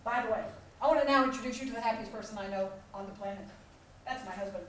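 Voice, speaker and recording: A middle-aged woman giving a motivational keynote talk, telling stories with animated voices and frequent laughter. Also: medium pitch, fast talker, a little hiss or hum. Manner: animated storytelling, acting out voices and laughing often. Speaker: conference speaker. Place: large conference hall. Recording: echoey hall recorded from far off.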